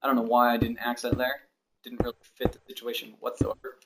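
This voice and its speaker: A man's voice: medium pitch, completely flat delivery, fast, gravelly. A man in his early twenties chatting casually while streaming a building game, thinking aloud and rambling between tasks. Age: 20s. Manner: rambling, thinks aloud, counts blocks under his breath. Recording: noticeable background noise and clicks.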